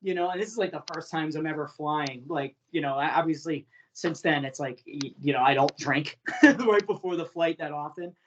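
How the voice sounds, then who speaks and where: A man from New York, a guest on a podcast, telling stories in a rambling, animated way full of fillers. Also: a little high, normal speed, dull audio, a little hiss or hum. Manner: rambling, animated storyteller with many fillers and laughs. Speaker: guest, pro wrestler. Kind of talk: casual podcast chat.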